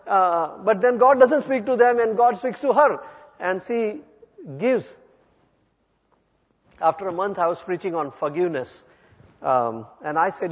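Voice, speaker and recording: A man, a pastor telling a testimony in an earnest, halting way with many pauses and fillers. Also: high voice, breathy edge. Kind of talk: testimony storytelling. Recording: echoey hall, dull lo-fi sound.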